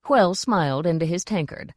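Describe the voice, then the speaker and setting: A woman reading an audiobook in a measured storytelling manner. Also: fairly low pitch, expressive, dry recording, studio quality. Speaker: audiobook narrator. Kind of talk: scripted audiobook narration.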